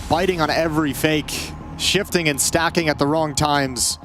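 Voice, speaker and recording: A man giving color commentary on esports, analytical, often restarting phrases and slowing down to stress a point. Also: on the high side, steady tone, fairly bright tone, faint music behind. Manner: analytical, with stammered restarts and slowed emphasis.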